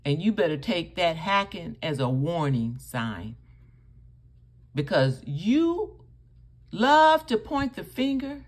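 A woman hosting a reaction channel, commenting on clips in an emphatic, scolding way. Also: sits low. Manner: scolding, emphatic, addresses the other speaker directly.

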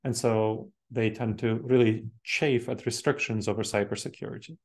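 A man's voice: lowish voice, fairly even intonation, normal speed. A man in his forties with a Moldovan accent, giving an explanatory presentation, repeating key points and often correcting himself mid-sentence. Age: 40s. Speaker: speaker. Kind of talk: presentation talk.

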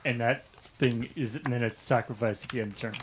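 A man's voice: mid-range voice, steady tone, fairly quick. Rambling man with noise behind. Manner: rambling, many fillers. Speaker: show regular. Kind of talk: casual chat on a card-game stream.

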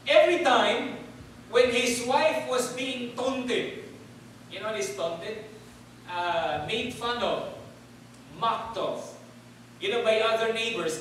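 A man's voice: sits high, a bit bright, slight background noise. A male preacher giving a sermon, calling on the congregation to answer back and repeat words. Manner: call-and-response, asks congregation to repeat words. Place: church hall. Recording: echoey hall from far off.

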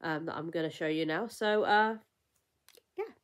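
Young woman vlogger, low-ish voice, rambling, emotional casual chat. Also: moderate pace. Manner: rambling, emotional, with frequent fillers and laughs.

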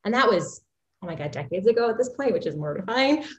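A woman fertility doctor, a guest on an interview show, telling her story in an animated way with frequent laughs. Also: mid-range voice, quick pace, rough recording.

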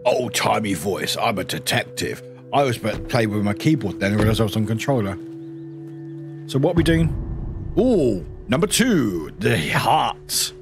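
A man's voice: medium pitch, sing-song, normal speed, over music. A man from the UK streaming a game, chatting casually, giggling and joking at his own expense. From United Kingdom. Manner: giggly, self-mocking.

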